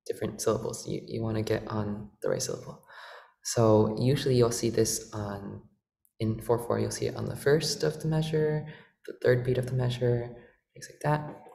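A man's voice: mid-range voice, gravelly, darkish tone. Man explaining ornaments in a roomy space. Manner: halting, explanatory, many fillers. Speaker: organ workshop presenter. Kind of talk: lecture demonstration. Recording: roomy, with organ music.

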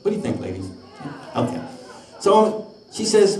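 Older male stage comic-singer, chatty storyteller, booming hall sound. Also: sing-song, normal speed. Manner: chatty, jokey storyteller with a street-corner neighborhood tone. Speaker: oldies singer and comedian. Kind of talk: live concert banter and singing. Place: live concert stage with audience. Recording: echoey live hall, mic from a distance, band playing loud.

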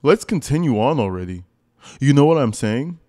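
A man mocking a needy, sweet-talking man, loud and insistent, repeating himself. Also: mid-range voice, very animated, moderate pace, no echo, studio quality, lightly acted. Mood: smug.

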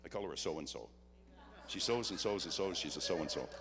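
A man preaching at a church service. He tells a personal story, acts out each side of the dialogue, and builds to a loud call to give. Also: low voice, expressive, a little fast, a crowd in the background. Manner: builds to a loud exhortation about giving. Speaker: guest preacher. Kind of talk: sermon with a personal testimony. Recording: long hall reverb with a faint hum.

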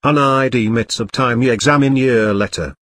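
A man voicing a huge, furious, bearded giant who booms and blusters in a storybook reading. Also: normal speed, a bit bright, no echo, natural voice. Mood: fond. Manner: blustering, booming speech.

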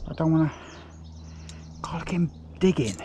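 A man commenting on his own fishing as he fights a fish, excited and muttering, straining with an aching arm. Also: fairly high pitch, normal speed, noisy background. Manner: excited, breathless exclamations, muttered asides. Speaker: fishing vlogger. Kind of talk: live commentary while fishing. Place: outdoors by a lake.

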